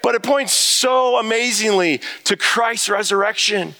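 A man preaching a sermon with a high, bright voice. He is earnest and emphatic, pushing his pitch up hard when he speaks prayers aloud, and he often breaks into light laughter between lines. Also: measured pace. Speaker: pastor.

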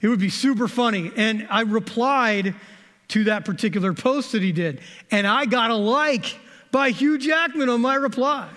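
A man's voice: very high voice, measured pace, bright, forceful tone. A middle-aged man giving a sermon, telling folksy, conversational stories and jokes from his own life. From American Midwest. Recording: long hall reverb.

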